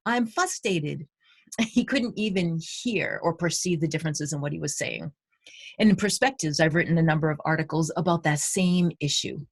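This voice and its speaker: A woman's voice: deep voice, a little fast, husky. A woman literacy educator giving a recorded conference presentation, explaining and guiding listeners through speech-sound exercises.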